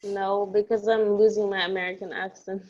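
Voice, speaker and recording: A woman's voice: medium pitch, flat delivery, moderate pace, darkish tone, lo-fi sound. A woman chatting on a casual group video call, bantering in a light, wry way.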